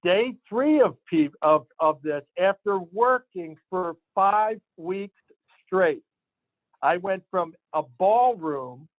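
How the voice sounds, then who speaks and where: Male sales manager, emphatic motivational storyteller, slightly high pitch, dry and tinny audio. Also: expressive, slow pace, no room sound. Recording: tinny phone-line sound, dry.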